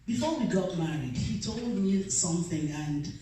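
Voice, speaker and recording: A woman's voice: on the low side, lively intonation, normal speed, dark tone, slight background noise. A middle-aged woman giving an earnest, emotional personal testimony and acting out the dialogue as she tells it. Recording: very echoey room, mic far off.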